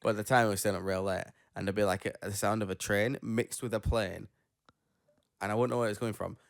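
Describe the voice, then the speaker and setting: A man's voice: lowish voice, fairly even intonation, fast talker, vocal fry, no echo, clean studio sound. A man, tired after being ill, chatting on a podcast and reading news stories aloud, rambling and tripping over names. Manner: rambling, self-deprecating, stumbles over names. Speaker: podcast host.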